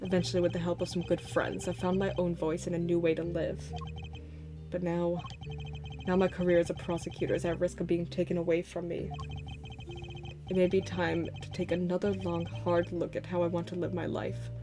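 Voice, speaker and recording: An earnest young male prosecutor, voiced by a woman reading a game aloud, thoughtful and measured. The voice sits on the low side, with soft game music faint underneath. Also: monotone, natural voice. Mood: reflective. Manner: reads game lines aloud in her own voice.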